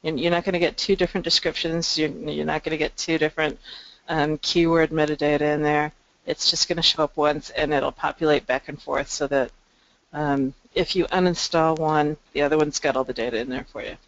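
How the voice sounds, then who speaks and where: A woman's voice: sits low, steady tone, brisk, dry recording. Webinar presenter woman, explainy demo tone, dry muffled call audio. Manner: explanatory, frequent ums and restarts. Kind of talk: screen-share software demo.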